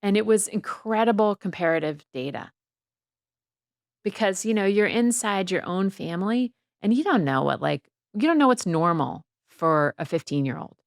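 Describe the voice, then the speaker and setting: A woman's voice: mid-range voice, normal speed, creaky, no room sound, clean studio sound. A middle-aged woman, a guest author, talking reflectively in a casual interview. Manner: reflective, quotes people in lively voices.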